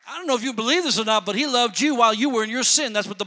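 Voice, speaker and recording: A man preaching a sermon, swinging from soft, low asides to loud, fervent shouting. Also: very fast, few pauses. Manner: shouting, building to fervent peaks.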